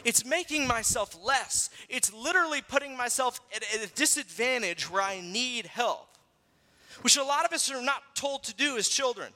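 Man in his thirties, pastor, conversational sermon, animated storytelling, very high voice, long hall reverb. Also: moderate pace.

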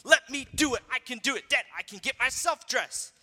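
A headstrong little girl yells that she can do it herself, whiny and insistent, as a man puts her on. The voice is very high and bright, with a long reverb around it. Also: expressive, brisk, exaggerated voice. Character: stubborn four-year-old girl insisting on doing it herself.

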